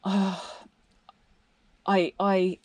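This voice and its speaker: While scrapping electronics for her videos, an English woman offers rambling, casual narration and asks viewers questions. She speaks extremely slowly in a flat, medium-pitched, darkish voice, recorded dry.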